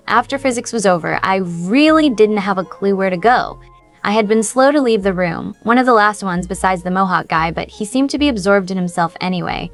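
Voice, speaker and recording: A woman reading a first-person story aloud in an even storytelling manner. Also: medium pitch. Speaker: narrator. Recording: faint background music.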